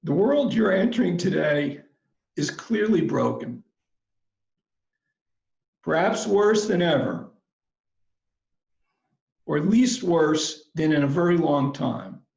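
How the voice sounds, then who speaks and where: A commencement speaker with a fairly high, gravelly voice and a darkish tone takes his time, telling things in a measured, reflective but animated way. The recording sounds roomy and a bit dull.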